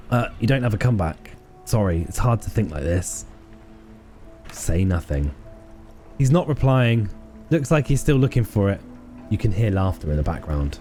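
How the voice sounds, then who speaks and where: A man's voice: fairly low pitch, big pitch swings, normal speed, long pauses, mellow, soft background music. A man reading a video game aloud, narrating the scene and speaking the hero's lines hesitantly. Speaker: game streamer.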